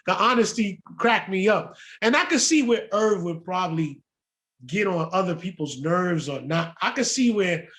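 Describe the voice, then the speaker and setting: A man from the Bronx, a music producer telling stories in a casual interview, profane, animated and full of slang. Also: high-pitched, normal speed. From the Bronx, New York.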